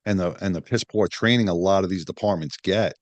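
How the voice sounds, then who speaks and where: Blunt, profane middle-aged man, very deep voice. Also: a little fast, dry recording. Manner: blunt, profane, full of restarts and acted-out quotes. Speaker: guest, retired police detective and firefighter. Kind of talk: candid storytelling in a podcast interview.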